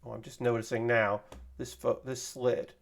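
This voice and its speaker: A man's voice: mid-range voice, level tone, moderate pace, gravelly. Chatty man streaming a model build. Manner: chatty, thanks viewers by name, self-deprecating asides. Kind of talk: casual livestream chat.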